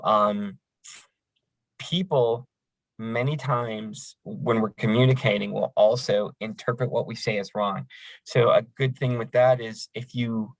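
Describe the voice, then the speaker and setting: A man's voice: fairly low pitch, no room sound, low-quality recording. Folksy man giving a dry training talk. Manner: conversational, folksy examples, frequent fillers. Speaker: crisis line trainer. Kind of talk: training lecture.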